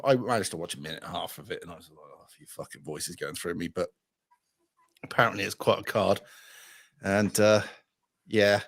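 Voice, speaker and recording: A man hosting a casual call-in stream, full of sweary, jokey banter. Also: fairly low pitch. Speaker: stream host taking calls.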